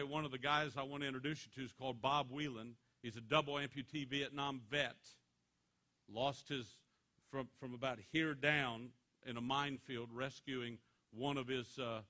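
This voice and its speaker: Bright-voiced animated male motivational speaker. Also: medium pitch. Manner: animated joking storytelling. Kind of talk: motivational speech to students.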